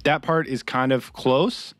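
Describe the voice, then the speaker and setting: A man's voice: mid-range voice, fairly even intonation, a little slow, no room sound. A young man co-hosting a casual podcast, ranting and swearing in frustration. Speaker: podcast co-host.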